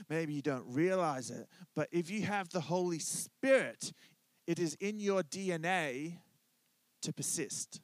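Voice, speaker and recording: A man's voice: fairly high pitch, no room sound. A man preaching a conversational sermon in church, joking and asking the congregation to answer back. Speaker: pastor.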